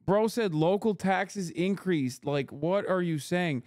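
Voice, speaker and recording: A man's voice: high voice, slow pace, darkish tone, dry recording, studio quality. A man streaming, reacting to a debate video with profane, incredulous, sarcastic commentary.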